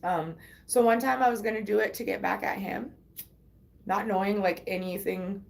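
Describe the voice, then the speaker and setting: A woman's voice: mid-range voice, moderate pace, gravelly. A woman livestreaming, telling a personal story in a rambling, frank way with heavy swearing.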